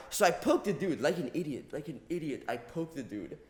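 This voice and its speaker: Mexican man telling a story, higher-pitched. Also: a little fast, few pauses. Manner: animated, swears often, acts out others' lines. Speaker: podcast co-host. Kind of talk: casual storytelling chat. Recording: roomy echo.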